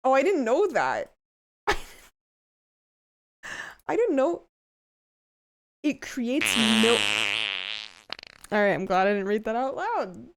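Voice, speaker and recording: A woman's voice: a little high, very animated, takes it slowly, long pauses. A woman VTuber chatting casually on a live stream, crude and swearing freely, often breaking into squealing laughter. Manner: bursts into loud squealing laughter.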